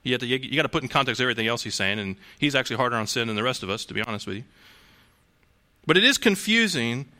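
A man's voice: mid-range voice, animated, rapid-fire, pushed and bright. A man preaching a sermon to a congregation in a conversational way, asking rhetorical questions and restarting phrases. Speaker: pastor.

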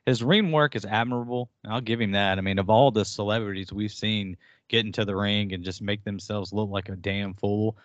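A man co-hosting a casual chat, giving relaxed opinions and thinking aloud. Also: lowish voice, a little fast, dry recording. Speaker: podcast co-host. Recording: dry, dull lo-fi sound.

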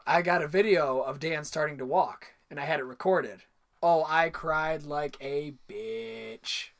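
Young man, fairly high voice, podcast co-host, blunt, crude humor. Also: measured pace. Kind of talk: casual podcast chat.

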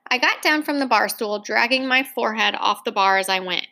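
Bright-voiced woman reading a novel. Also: on the high side, fairly quick, gravelly. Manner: expressive, acts out dialogue. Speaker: audiobook narrator. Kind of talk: first-person novel reading.

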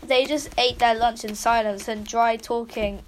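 A young woman with a British accent reads a fan story out loud in a casual, giggly way, dropping swear words and asides. Her voice sits slightly high, and a faint hiss runs under the home recording. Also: steady tone, measured pace. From Britain. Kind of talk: casual reaction reading.

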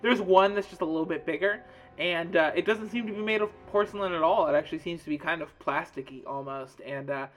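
A man's voice: on the high side, fairly quick, faint music behind. A man narrating as game master in a casual, filler-heavy way. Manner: casual, many fillers, describes scenes.

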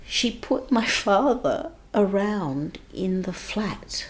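A woman recounting a painful childhood memory in an interview, moving between hushed passages and raised, intense moments. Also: medium pitch, expressive, slow. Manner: vivid, emotional retelling with shifts between hushed and raised intensity. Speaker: guest recounting her childhood. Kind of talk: personal storytelling.

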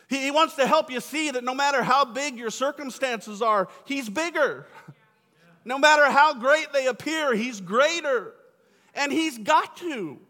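A man's voice: very high-pitched, pushed and bright. A young man preaching a sermon as pastor, enthusiastic and casual with slangy asides. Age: young adult. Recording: echoey hall.

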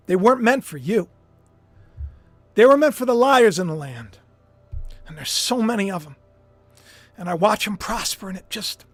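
A man hosting a podcast from home, preaching scripture fervently and slowing down hard on key words. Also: high voice, dry recording. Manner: fervent, slows down hard for emphasis. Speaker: podcast host.

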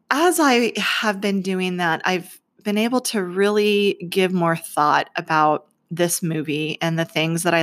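Casting note: a woman in her forties, slightly low voice, chatty storyteller who laughs often. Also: a bit bright. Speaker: vlogger. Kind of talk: casual storytelling to camera.

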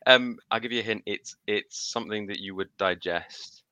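A man's voice: on the low side, moderate pace, bright, forceful tone, smooth, no echo, muffled recording. A British man co-hosting a podcast, playfully teasing out hints in a word game. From United Kingdom. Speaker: co-host. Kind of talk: casual podcast chat.

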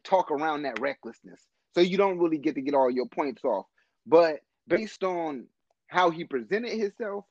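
A man's voice: mid-range voice, no room sound, lo-fi sound. A man co-hosting a casual podcast chat, swearing freely and laughing often. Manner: profane, laughs often, animated. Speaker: podcast co-host.

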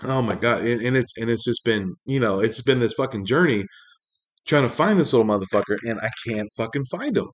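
A man's voice: mid-range voice, expressive, fairly quick. A man ranting casually in a monologue, exasperated and profane, rambling with many fillers.

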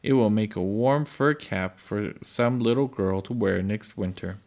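A man reading aloud, voicing a calm but firm pioneer father in a storybook with a slow, gravelly voice. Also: fairly low pitch. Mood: reassuring. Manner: steady, measured, plainly read.

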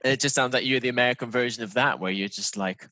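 English guest on a video call from his bedroom, mid-pitched, dry teasing humor. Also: fast, sharp tone, dry recording. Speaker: podcast guest. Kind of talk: casual chat.

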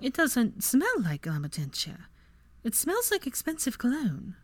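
Woman putting on a sarcastic young witch, higher lilting voice, lively, dry close sound. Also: dry recording, exaggerated voice. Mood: bright, teasing. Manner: brisk, teasing, sarcastic. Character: prim bossy young woman, witty and exasperated.

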